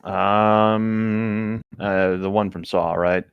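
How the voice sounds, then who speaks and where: A man's voice: lowish voice, fairly even intonation, very slow, creaky, clear, resonant tone, dry recording, phone-quality sound. A man co-hosting a podcast, chatting casually and reading a creepypasta aloud, with dry, teasing quips. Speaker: podcast co-host.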